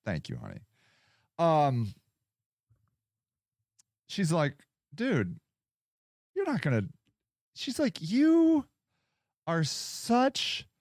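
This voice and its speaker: A man's voice: a little high, no echo, clean studio sound. A man ranting in a casual, angry and sarcastic way, swearing often as he tells a story. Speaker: podcast host. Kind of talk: casual rant.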